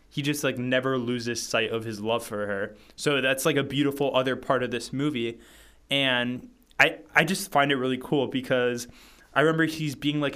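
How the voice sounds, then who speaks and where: A man's voice: medium pitch, fairly bright tone, clean tone. Young man, casual movie chat, rambling, filler-heavy talk. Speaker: podcast co-host.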